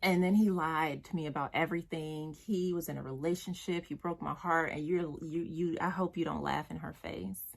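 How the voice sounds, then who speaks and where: A woman's voice: low voice, steady tone, moderate pace, gravelly, few pauses. A young woman vlogger giving blunt, exasperated commentary about dating, with slang and profanity. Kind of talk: direct-to-camera commentary.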